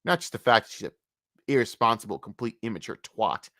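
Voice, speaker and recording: Profane ranting streamer, lively dry voice. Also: no echo. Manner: profane, swings between low muttering and loud outbursts; rapid-fire ranting with repeated phrases. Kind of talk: live stream rant.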